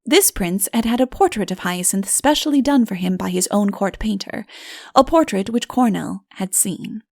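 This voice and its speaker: Gravelly-voiced woman narrating a fairy tale. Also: mid-range voice, expressive, moderate pace, a little mellow, dry recording, studio quality. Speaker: audiobook narrator. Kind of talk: scripted storybook narration.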